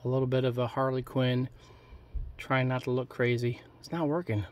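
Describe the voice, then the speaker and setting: A man's voice: medium pitch, flat delivery, moderate pace, darkish tone. A middle-aged man giving casual, joking running commentary while opening trading card packs. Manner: chatty, offhand running commentary with jokes. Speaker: card collecting YouTuber.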